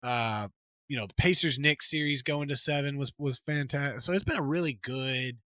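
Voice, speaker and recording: A man's voice: medium pitch, normal speed, pushed and bright, no echo. A man co-hosting a sports podcast in casual chat, talking in an emphatic, rambling way with many restarts. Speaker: podcast co-host.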